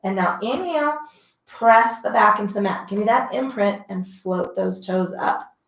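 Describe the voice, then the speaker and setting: A woman leading a mat pilates class at home, giving chatty, encouraging cues between breathy exertion sounds. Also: medium pitch, lively intonation, normal speed, a bit bright. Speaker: pilates instructor. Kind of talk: guided workout instruction. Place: home room, dogs heard about. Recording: roomy echo.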